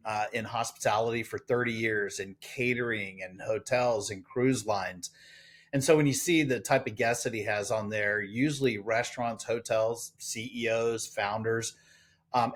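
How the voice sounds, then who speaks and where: Mid-pitched man co-hosting, chatty. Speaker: podcast co-host. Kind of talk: casual chat.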